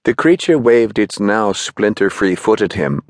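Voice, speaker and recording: A man narrating a children's audiobook in an expressive storytelling manner. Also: fairly low pitch, a little slow, no room sound, studio quality. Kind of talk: scripted narration.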